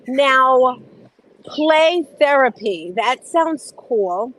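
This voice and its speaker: A woman's voice: fairly high pitch, expressive, takes it slowly, low-quality recording. A woman hosting an interview, chatty and exclamatory as she asks her guest questions. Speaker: host. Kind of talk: casual interview talk.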